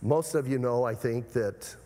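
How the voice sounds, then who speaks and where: Emphatic preacher in a reverberant hall. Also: male voice, medium pitch, a little slow, mellow, slight background noise. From Arizona, USA. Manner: emphatic, repeatedly urging "listen". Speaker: pastor. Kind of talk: sermon.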